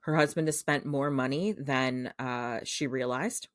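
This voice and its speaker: Brief: podcast co-host, woman, very low voice, casual meandering recap. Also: steady tone, a little slow, no room sound, clean studio sound. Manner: rambling recap full of "um" and "like". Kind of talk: casual chat.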